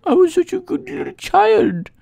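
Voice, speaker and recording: Brief: a woman putting on a weepy baby boy, high and sobbing, guilt-tripping, lilt swinging wildly. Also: sing-song, normal speed, vocal fry, mellow, no room sound, heavily acted. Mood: whiny pleading. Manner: high whimpering, pleading sobs. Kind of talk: mock voice while streaming a game.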